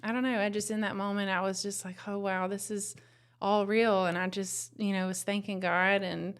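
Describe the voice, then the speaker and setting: A young woman, telling her story as a new mother in a soft, tender, rambling way. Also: mid-range voice, flat delivery, moderate pace, clear, resonant tone. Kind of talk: casual personal testimony.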